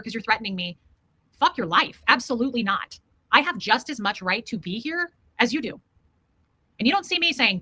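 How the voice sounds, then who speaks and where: A woman's voice: on the high side, sharp tone. A woman hosting a casual livestream, answering chat in a blunt, indignant way with repeated emphasis. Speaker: livestream host reading chat.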